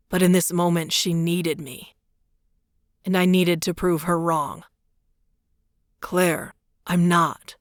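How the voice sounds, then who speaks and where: Brief: audiobook narrator, woman, lowish voice, dry booth sound, measured and close. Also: dry recording. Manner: measured, intimate storytelling. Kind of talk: first-person romance narration.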